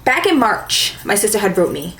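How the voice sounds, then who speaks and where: A woman's voice: medium pitch, big pitch swings, normal speed, creaky, a bit bright. A young woman chatting casually to camera as a beauty vlogger, with a valley-girl lilt and lots of "like". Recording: echoey room with faint ambience.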